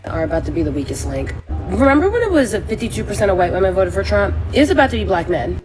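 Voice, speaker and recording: A woman's voice: on the low side, background noise. A woman in a sarcastic rant to camera, firing off mocking rhetorical questions. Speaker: social media poster.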